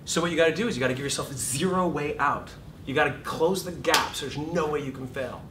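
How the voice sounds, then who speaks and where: A man in his fifties, an acting teacher, giving a lively seminar talk to a class, self-deprecating and swearing freely. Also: quick pace. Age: 50s. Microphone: distant room mic. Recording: echoey room, far mic, rumbling noise.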